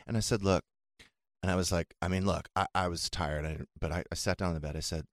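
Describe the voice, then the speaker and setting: A man co-hosting a radio talk show, chatting casually and telling animated stories with quoted dialogue. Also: low voice, fast. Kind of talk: casual chat.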